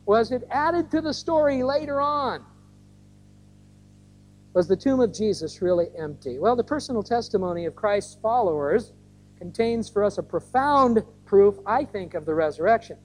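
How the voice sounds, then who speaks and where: A woman preaching an Easter sermon outdoors in a conversational, animated way, acting out quoted voices. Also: mid-range voice, moderate pace, low-quality recording. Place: outdoor gathering.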